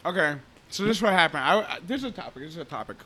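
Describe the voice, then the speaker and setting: Bright-voiced young man in casual podcast chat. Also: fairly high pitch, very fast. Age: 20s. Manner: animated storytelling, laughing, says "bro" often. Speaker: podcast co-host.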